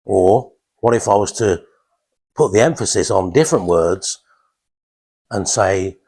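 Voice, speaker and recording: A man gives his first talk in a small lounge, speaking haltingly with restarts and fillers. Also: on the low side, lively intonation, gravelly, a little mellow. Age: 50s. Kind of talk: informal talk to a small audience.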